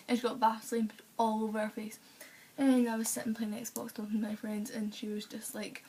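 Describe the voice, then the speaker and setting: A woman's voice: fairly high pitch, flat delivery, fairly quick, darkish tone, slight background noise, rough recording. A woman telling rambling stories in a casual vlog, full of fillers and acted-out quotes. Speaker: vlogger.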